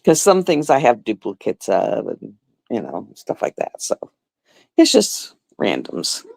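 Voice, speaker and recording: A woman's voice: very deep voice, wildly swooping pitch, a little slow, vocal fry, darkish tone, slightly rough, no echo. A woman hosting a livestream, chatting casually with viewers and acting out quotes as she tells stories. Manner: chatty storyteller, acts out quotes. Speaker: livestream host.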